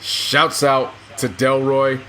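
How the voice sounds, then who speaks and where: A man's voice: mid-range voice, level tone, takes it slowly, fairly bright tone, a little hiss or hum. A man co-hosting a podcast in casual chat, retelling stories with hesitations and quoted lines. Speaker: podcast co-host.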